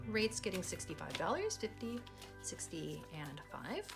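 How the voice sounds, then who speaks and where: A woman's voice: fairly low pitch, wildly swooping pitch, a little slow, gravelly, over music. A woman hosting a budgeting vlog, telling a long story in a chatty way, laughing now and then and reading out dollar amounts as she goes. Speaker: budgeting channel host.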